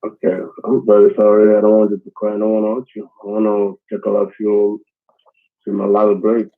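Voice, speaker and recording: A man pleading over a tinny phone line, his voice fairly low and flat. He talks in broken English and piles up the same reassurances again and again. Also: fairly quick. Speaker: phone scammer.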